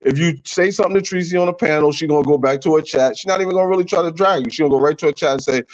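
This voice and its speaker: Blunt guest on dull lo-fi call. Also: male voice, a little high, racing. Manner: blunt, heated, emphatic. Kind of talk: casual call-in chat.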